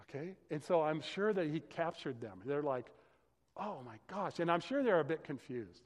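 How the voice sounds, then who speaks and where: A man's voice: on the high side, very animated, moderate pace. A male pastor teaching a sermon from scripture in a conversational, explanatory way, often checking in with "okay" and "right". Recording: long hall reverb.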